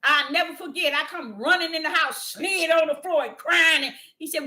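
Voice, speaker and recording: A woman preaching an impassioned sermon in a fervent, scolding manner that rises to shouting. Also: high voice, normal speed, few pauses. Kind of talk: impassioned street-style sermon.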